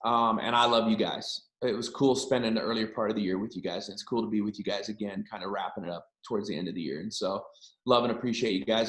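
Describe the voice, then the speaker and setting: A man's voice: on the low side, fairly even intonation, fast talker, fairly bright tone. Brief: middle-aged male pastor, earnest and frank, casual encouraging talk, roomy echo. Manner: earnest, frank, repeats for emphasis. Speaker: guest pastor.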